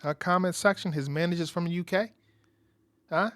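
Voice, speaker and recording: Bright-voiced man hosting reaction commentary. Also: high voice, moderate pace, slight background noise. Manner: animated, repeats phrases for emphasis; breaks into loud excited outbursts. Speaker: reaction channel host.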